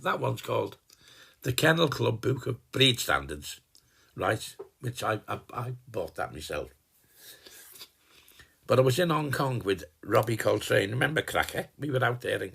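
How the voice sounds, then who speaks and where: An old man playing Jim Royle, gravelly and husky. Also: medium pitch, animated, moderate pace, fairly bright tone, exaggerated voice. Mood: jokey. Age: 80s. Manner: rambling and chatty, swears casually, trails off and restarts. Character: gruff, cheeky old working-class dad, all-knowing boaster. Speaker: sending a personalized Christmas video greeting. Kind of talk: rambling in-character comic monologue.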